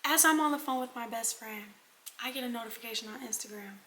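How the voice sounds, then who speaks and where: A young woman vlogger telling a casual storytime, animated and talking straight to her viewers, sometimes dropping into dramatic whispers. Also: fairly high pitch, fast, slight background noise. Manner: addresses viewers as y'all.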